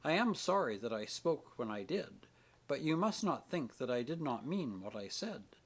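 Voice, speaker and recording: A man voicing an earnest, devout young woman pleading gently with her father in an audiobook. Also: medium pitch, sing-song, moderate pace, husky. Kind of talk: audiobook character reading.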